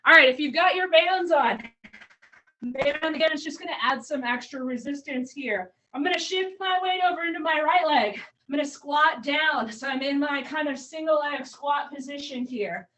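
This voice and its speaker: A woman's voice: high-pitched, moderate pace, sharp tone, recorded from a distance, poor audio. A woman fitness coach leading an online workout class, cueing moves and counting down reps while a little out of breath. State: slightly out of breath. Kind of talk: live online workout instruction.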